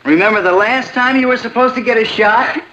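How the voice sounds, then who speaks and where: A man's voice: very high voice, fairly quick, pushed and bright, highs cut off, slight background noise. A teenage boy in a sitcom, earnest and a bit sulky. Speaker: boyfriend. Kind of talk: sitcom acting.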